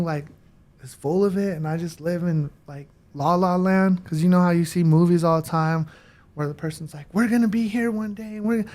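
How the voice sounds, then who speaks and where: A man telling his life story in a casual interview, slangy and animated, with many fillers. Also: a little high. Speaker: guest.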